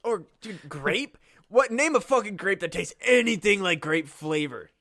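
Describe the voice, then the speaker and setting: High, bright-voiced young man riffing profanely. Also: expressive, unhurried, vocal fry. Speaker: podcast co-host. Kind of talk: casual comedic banter.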